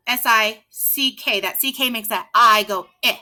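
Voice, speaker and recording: A young woman teacher gives a patient reading lesson to young children and sounds words out slowly. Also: fairly high pitch, pushed and bright.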